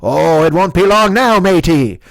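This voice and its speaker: A man's voice: sits high, expressive, gravelly, dry recording, pitched above the performer's own voice, exaggerated voice. Man doing a coy, evasive pizza-shop account. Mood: coy teasing. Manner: teasing, evasive, drawn-out sing-song. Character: coy, cryptic male pizza-place social media voice.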